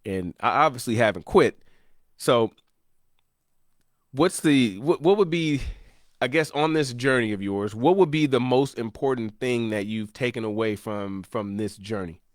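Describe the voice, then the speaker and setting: A man's voice: medium pitch, a little slow, no echo, clean studio sound. A man hosting an interview, talking casually and agreeably with many fillers. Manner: conversational, agreeable, filler-heavy. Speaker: interview host.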